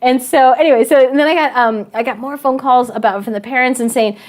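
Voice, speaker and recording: A woman teacher telling a classroom story in a casual, lively way, often laughing and acting out the voices of her students. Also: high-pitched, fast.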